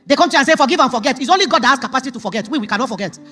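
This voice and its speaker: A woman preaching a sermon testimony, emphatic, jumping from loud outbursts to hushed asides. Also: high-pitched, expressive, rapid-fire, soft background music.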